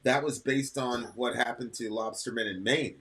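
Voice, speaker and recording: A man's voice: medium pitch, fairly even intonation, moderate pace, fairly bright tone. A man co-hosting a reaction video, chatting casually and rambling with lots of fillers. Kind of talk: casual chat, reading lyrics aloud.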